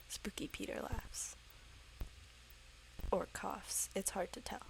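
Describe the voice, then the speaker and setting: A woman's voice: medium pitch, steady tone, slow pace, creaky, pauses often, whispered, poor audio. A woman gaming YouTuber reading a dating game aloud, joking and laughing as she plays. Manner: reads game text aloud, laughs and jokes. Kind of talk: let's play narration and commentary.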